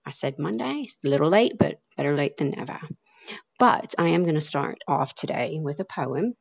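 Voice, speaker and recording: A woman's voice: low voice, animated, normal speed, creaky, no echo. A woman hosting her own podcast, talking in a rambling, heartfelt way with plenty of ums and restarts. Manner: rambling, heartfelt, lots of fillers. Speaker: podcast host. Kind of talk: casual podcast monologue.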